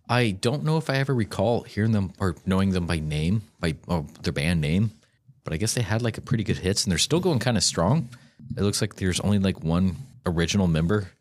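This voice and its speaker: Man podcast co-host, very deep voice, relaxed and casual. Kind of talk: casual chat.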